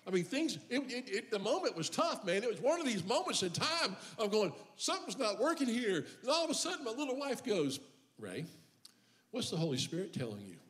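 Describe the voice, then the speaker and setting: A male pastor preaches in church with a very high, very animated voice that's brisk and slightly bright, leaving few pauses. He blends funny stories from his own life with passionate refrains that grow stronger as they go.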